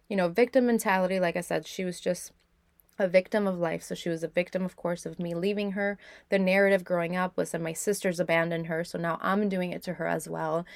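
Low gravelly-voiced woman telling her story. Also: no echo. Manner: candid, reflective, with frequent "like" fillers. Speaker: podcast host. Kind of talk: personal storytelling.

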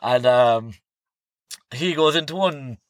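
A man's voice: mid-range voice, takes it slowly, no room sound, studio quality. A young Irish man telling a rambling night-out story on a podcast, swearing freely and tagging his sentences with "like" and "right?". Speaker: podcast guest. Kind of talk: casual storytelling.

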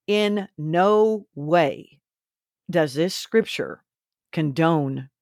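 A woman's voice: deep voice, expressive, extremely slow, darkish tone, no room sound, studio quality. A woman hosting a faith and parenting podcast, talking earnestly and instructively, a little preachy. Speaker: podcast host. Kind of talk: faith-based parenting talk.

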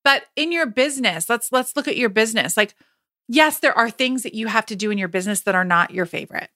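Fairly high and quick, with lively intonation and a sharp tone, a woman's voice comes through clean studio audio with no echo. In her thirties and hosting her own podcast, she talks casually and with emphasis, restarting often and quoting asides.

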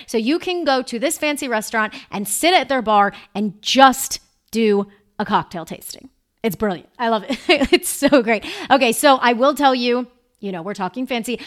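A woman's voice: fairly high pitch, a bit bright. A woman, hosting a podcast in a chatty, upbeat, playful way. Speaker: podcast host. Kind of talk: casual chat. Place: New York City.

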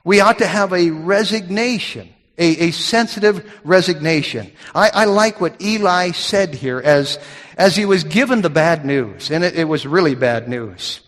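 Preaching in a hall with long reverb, a middle-aged pastor tells folksy stories and restarts his sentences often. His voice is fairly high and a bit bright, with lively intonation and a slightly slow pace.

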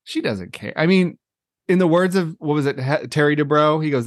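A man's voice: on the high side, fairly quick, no room sound, clean studio sound. A man co-hosting a casual podcast about reality TV, laughing often and teasing his co-host.

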